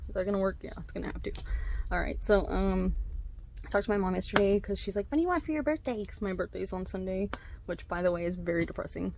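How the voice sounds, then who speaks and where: Young woman gossiping to her camera, chatty and animated, does little voices for people, middle pitch, bit of hiss. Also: quick pace, creaky. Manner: gossipy, animated retelling with voiced quotes, frequent fillers and laughs. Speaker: vlogger. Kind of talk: casual storytelling chat.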